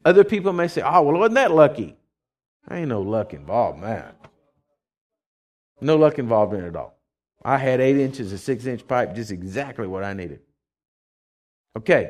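A man preaching a conversational sermon, folksy and animated, telling stories and acting out voices. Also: on the high side. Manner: animated storytelling, acts out voices.

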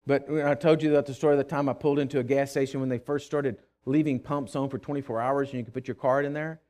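A male pastor preaching a sermon, telling stories with emphasis, swinging from loud declarations to quiet asides and often restarting his words. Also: mid-range voice, steady tone, quick pace. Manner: frequent stammered restarts.

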